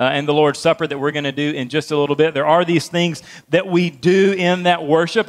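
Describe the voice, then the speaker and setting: A man's voice: a little high, fairly bright tone. A man preaching a sermon as pastor to his church, earnest, with frequent fillers and repeated key phrases. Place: church sanctuary.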